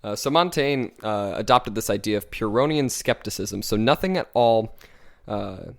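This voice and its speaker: A young man co-hosting a casual podcast, dryly explaining ideas step by step and flatly correcting his co-host. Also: fairly low pitch, moderate pace, vocal fry.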